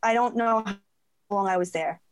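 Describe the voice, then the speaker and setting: Guesting in a conversation, a woman shares a personal story, laughing easily and performing the voices of the people she quotes. Her pitch is medium and her tone clean and expressive.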